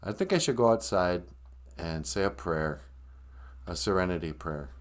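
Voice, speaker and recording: A man's voice: low-pitched, lively intonation, normal speed. A man hosting a casual livestream who tells jokey stories and acts out quotes. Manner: joking storyteller, acts out voices. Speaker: livestream host.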